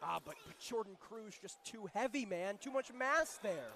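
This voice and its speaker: A man calling live pro wrestling play-by-play, excitable and shouting the big moves. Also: high-pitched, moderate pace, slight background noise.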